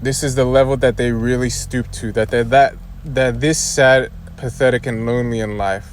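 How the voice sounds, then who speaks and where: A man's voice: medium pitch, steady tone, a little fast, darkish tone, slight background noise. A young man ranting casually to his viewers, exasperated and rambling, repeating himself and swearing. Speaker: YouTuber. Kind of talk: casual rant to camera.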